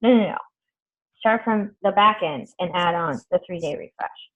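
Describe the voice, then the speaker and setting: A woman's voice: lowish voice, normal speed, fairly bright tone. Blunt, chatty woman on a tinny call. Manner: chatty and blunt, swears freely. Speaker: team coach leading a group call. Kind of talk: casual coaching talk on a video call. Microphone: video call. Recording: tinny phone-like video call audio.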